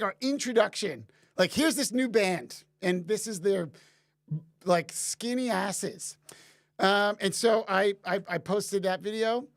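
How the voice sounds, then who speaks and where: A man's voice: high voice, dry recording, studio quality. Chatty man rambling on a basement live stream. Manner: rambling, chatty, with frequent fillers and restarts. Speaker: drummer hosting a live stream Q&A. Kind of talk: casual live-stream chat.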